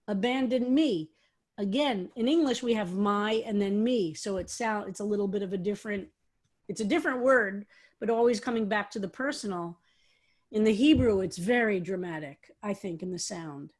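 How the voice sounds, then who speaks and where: A woman's voice: medium pitch, expressive, normal speed, a little mellow. A woman rabbi leading a study class, talking animatedly and throwing out question after question, with frequent restarts. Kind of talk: teaching a text study class.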